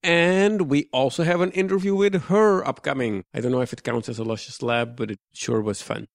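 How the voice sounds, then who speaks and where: A man's voice: mid-range voice, steady tone, moderate pace, creaky, dry recording. A man co-hosting a podcast in casual chat, dry and matter-of-fact with a playful edge. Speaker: podcast co-host.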